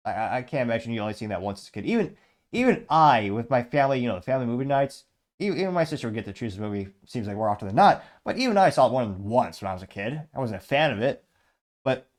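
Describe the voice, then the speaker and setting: A man's voice: medium pitch, lively intonation, fairly quick. A man hosting a show in casual commentary, reading viewer comments aloud with sarcastic asides and frequent laughs. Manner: sarcastic, laughs often, restarts. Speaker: host.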